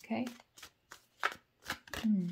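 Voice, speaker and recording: A woman's voice: extremely slow, background noise. A woman giving a chatty channeled tarot reading, thinking aloud and tentative. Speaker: psychic tarot reader.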